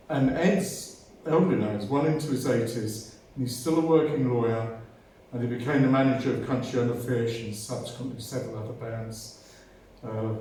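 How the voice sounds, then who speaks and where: Mellow-voiced male host in an echoey room. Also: mid-range voice. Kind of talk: casual introduction and chat. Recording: roomy distant recording with faint noise.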